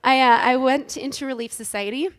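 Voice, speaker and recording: A woman giving a humorous, self-deprecating inspirational talk to a live audience on stage, animated and joking. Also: high-pitched, fairly quick. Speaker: inspirational speaker at a women's event.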